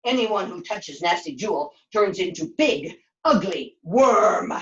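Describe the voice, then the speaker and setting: A woman's voice: medium pitch, animated, measured pace, reverberant, muffled recording, close to an everyday voice. A woman puppeteer voicing a solemn magical creature who speaks broken English and gives short, grave warnings in a puppet show. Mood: grave, knowing.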